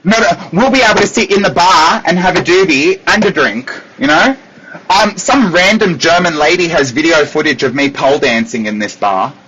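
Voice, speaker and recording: Lively, chatty Australian man streaming live. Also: fairly high pitch, moderate pace, husky. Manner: animated, chatty, laughs often. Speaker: psychic medium and livestream host. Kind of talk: casual livestream chat to viewers. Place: at a desk at home. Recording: dull lo-fi livestream audio.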